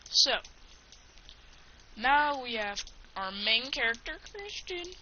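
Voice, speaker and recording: A chatty woman narrating her own fan story, tossing in quick asides. Her voice is bright and forceful. The recording is dull and lo-fi, with a faint hiss behind her. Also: mid-range voice. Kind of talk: casual fan-fiction narration.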